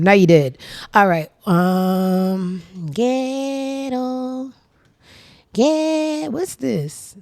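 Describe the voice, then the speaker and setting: A young woman hosting a casual commentary show, talking in an animated, profane, sarcastic way with big swings in pitch and loudness. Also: dry recording, studio quality. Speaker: show host. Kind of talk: casual commentary reacting to social media.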